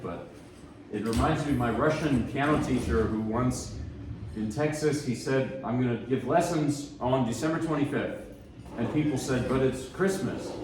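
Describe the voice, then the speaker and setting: A man introducing pieces at a piano recital, relaxed and rambling, with self-deprecating asides. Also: mid-range voice, background noise. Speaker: pianist giving a lecture recital. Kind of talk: casual spoken introductions between pieces. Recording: echoey room, mic at a distance.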